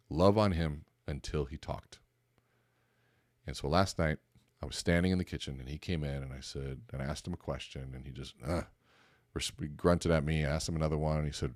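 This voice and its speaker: Deep-voiced man, animated motivational talk. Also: a little fast, dry recording, studio quality. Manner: animated storytelling, acts out dialogue in a raised voice. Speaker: podcast host and speaker coach.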